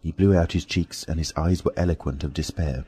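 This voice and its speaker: A man narrating an audiobook in a measured, steady storytelling manner. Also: rumbling low, slightly rough. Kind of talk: scripted narration.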